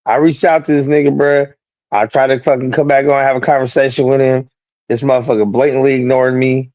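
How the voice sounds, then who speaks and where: A man in the middle of a heated, profane rant on a streamed talk show, swinging into sharp raised-voice quotes of other people. His audio is dull and muffled, and the sound is dry with no room around it. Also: medium pitch, little pitch movement, a little fast, no echo. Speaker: streamer co-host. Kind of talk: heated casual chat.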